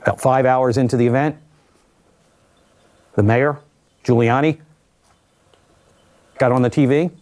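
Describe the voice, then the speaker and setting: An older man recounting his own survival in a documentary interview, measured and reflective with vivid asides. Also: mid-range voice, steady tone, darkish tone.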